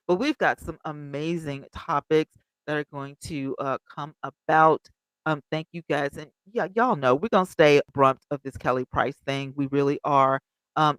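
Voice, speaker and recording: A woman host from Alabama chats casually on a livestream, reading viewer comments aloud and laughing often, as casual live chat commentary. Her voice is low with a clean tone, and the audio is poor but without echo.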